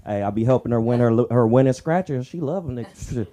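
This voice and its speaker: A man doing a crude stand-up set at an open mic, acting out characters in shrill voices. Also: expressive, brisk, dark tone. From Southern California. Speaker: stand-up comedian. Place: comedy club stage.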